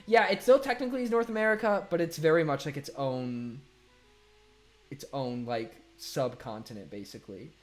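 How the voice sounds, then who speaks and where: A young man is live-streaming, reading viewer messages out loud and chatting loosely, with a voice on the high side at a normal pace. He laughs a lot, swears freely, and swings between loud and mumbled. Faint music plays behind him.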